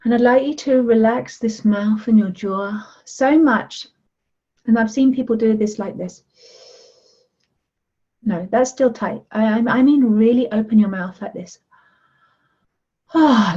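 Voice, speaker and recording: A woman coach leading a guided relaxation session, softly coaxing listeners and gently insisting they follow her guidance. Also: on the high side, a little slow, breathy edge, lo-fi sound. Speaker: self-love coach.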